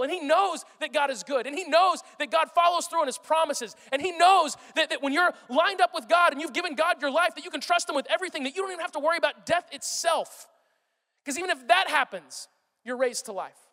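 Pastor, male, high voice, lively sermon that swings from loud to hushed, big echoing hall. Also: a little fast. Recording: long reverb of a large hall.

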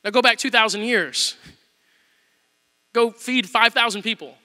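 Man, pastor, sermon, high voice, animated storyteller, reverberant hall. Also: a little slow. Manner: animated storytelling, acts out quotes.

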